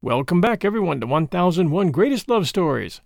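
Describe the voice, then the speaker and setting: A man hosting and narrating a classic novel aloud in a measured storytelling manner. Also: high voice, sing-song, gravelly, darkish tone, faint music behind. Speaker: podcast host and reader. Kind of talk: audiobook narration.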